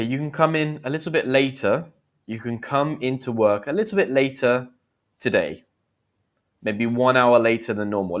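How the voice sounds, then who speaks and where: A man in his thirties teaching English slang live, chatty, explaining with quick examples and acted lines. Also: medium pitch. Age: 30s. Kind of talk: live-streamed English lesson.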